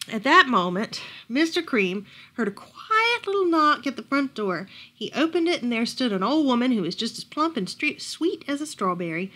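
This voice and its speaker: Woman, storytime reader, expressive, lively, fairly high voice. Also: normal speed, hardly any pauses. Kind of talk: reading a picture book aloud.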